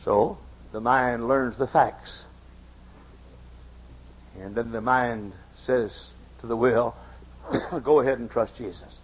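Husky preacher, soft to shouting. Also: male voice, medium pitch, fairly even intonation, takes it slowly, long pauses. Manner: dramatic, acts out voices, swings from soft to shouting. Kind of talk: sermon with storytelling. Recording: dull lo-fi recording.

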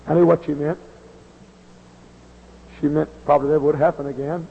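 A man in his forties preaching a sermon in a gravelly, husky voice, moving from folksy stories to loud impassioned outbursts. The recording is dull and old, with long reverb from a large church hall. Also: fairly high pitch, fairly even intonation, normal speed, long pauses. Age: 40s. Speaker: pastor.

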